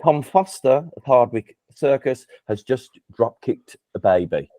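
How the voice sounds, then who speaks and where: A man's voice: mid-range voice, expressive, measured pace, warm tone, no room sound. Playful host guy, teasing, lots of uhs, dry sound on a video call. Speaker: podcast host. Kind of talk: casual interview.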